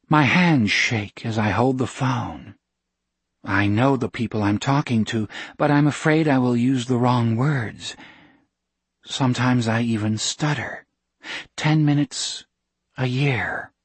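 A man gives voice to a quiet woman missionary doctor in an audiobook, speaking softly with each syllable carefully weighed. The delivery is very slow and a little husky, in a dry, close sound. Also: mid-range voice, no echo. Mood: gentle.

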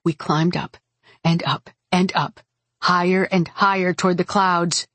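Slow, husky woman narrating an audiobook. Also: on the low side, fairly even intonation, a bit bright, no echo. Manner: intense, dramatic reading with cries in character. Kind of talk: first-person audiobook narration.

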